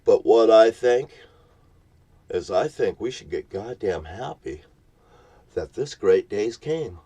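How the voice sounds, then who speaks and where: A man's voice: fairly low pitch, expressive, takes it slowly, dark tone, breathy edge. A man ranting at the camera from his parked vehicle in a profane, threatening, preachy tone. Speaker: vlogger.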